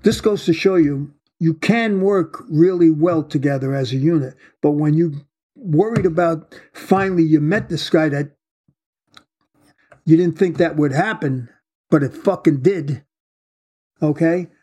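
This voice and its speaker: A husky, slightly high-pitched man tells a story of his undercover days. He talks bluntly and swears freely, in a casual interview setting. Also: measured pace. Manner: blunt, profane, animated storyteller. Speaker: retired undercover agent, guest.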